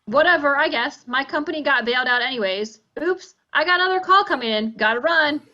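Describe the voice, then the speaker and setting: A woman's voice: sits high, fairly quick, pushed and bright, lo-fi sound. A woman reading the part of a smug banker who sells bonds, speaking in a breezy, dismissive way over a video call.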